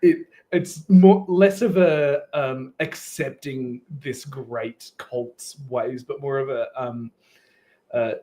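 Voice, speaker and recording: A man's voice: medium pitch, fairly even intonation, takes it slowly, mellow. A man playing a tabletop game, speaking earnestly in character. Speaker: player.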